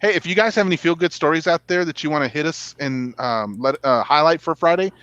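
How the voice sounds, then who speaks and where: A man's voice: on the high side, brisk, fairly bright tone, clear, resonant tone, no room sound, dull audio. A man hosting a casual talk show, chatting, laughing often and wrapping up the episode. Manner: chatty, laughing, says y'all. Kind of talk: casual show sign-off chat.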